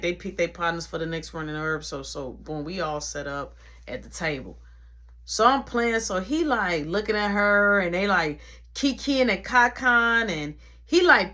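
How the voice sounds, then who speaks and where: A woman telling a long personal story in a casual, animated way, full of slang and punchy sound words. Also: mid-range voice.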